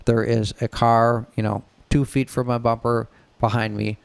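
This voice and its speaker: A middle-aged man with a gravelly edge and a smooth, resonant voice tells a story. He talks frankly, swears freely and acts out the people he quotes. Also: medium pitch, little pitch movement, normal speed. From Detroit area. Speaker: podcast co-host telling a story. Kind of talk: casual storytelling.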